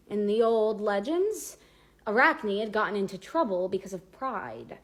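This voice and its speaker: A woman's voice: mid-range voice, very animated, a little slow. A woman reading a novel aloud with dramatic, varied pacing. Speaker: audiobook reader. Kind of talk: expressive book narration.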